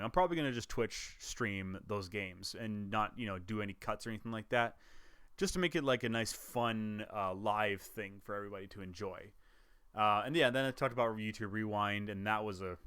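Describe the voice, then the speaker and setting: A man's voice: lowish voice, a bit bright, clear, resonant tone, no echo. A man, a gaming YouTuber, chatting casually to camera about his year, rambling with restarts and chuckles.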